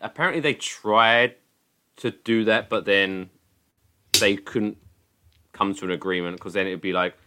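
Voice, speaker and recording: A man's voice: lowish voice, a little slow, pauses often, background noise. A man hosting a podcast in casual chat, blunt and sweary, asking wry questions. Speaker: podcast host.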